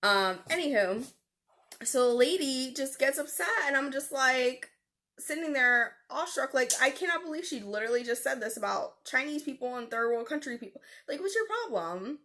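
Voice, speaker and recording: A young adult woman with a high-pitched, sharp voice tells a story in her vlog at a moderate pace. She talks animatedly and indignantly about a customer call from her call center job, using lots of fillers.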